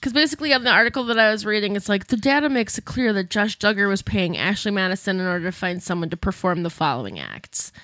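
A woman's voice: mid-range voice, expressive, fast talker, few pauses, fairly bright tone, no echo. A woman co-hosting a podcast in casual chat, blunt and profane, often breaking into giggles. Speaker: podcast co-host.

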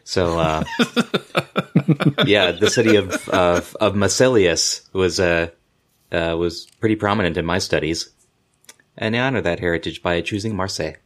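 A man's voice: low voice, lively intonation, unhurried, pauses often. A man chatting on a podcast, hesitating as he explains his pick with a scholarly bent. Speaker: podcast guest. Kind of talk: casual chat.

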